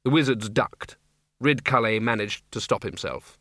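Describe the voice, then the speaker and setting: A man's voice: on the low side, normal speed, a bit bright, dry recording, clean studio sound. A man narrating a comic fantasy audiobook in a wry storytelling manner.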